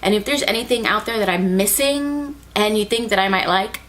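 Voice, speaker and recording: A young woman rambling excitedly through an anime recap, full of "like" and swearing. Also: medium pitch, a little fast. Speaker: anime reviewer.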